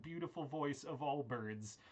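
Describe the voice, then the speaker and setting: A man's voice: medium pitch, a little slow, lightly acted, low-quality recording. A man voicing a vain female crow in an improvised comic story, with a smug, boastful manner. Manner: self-satisfied, boastful.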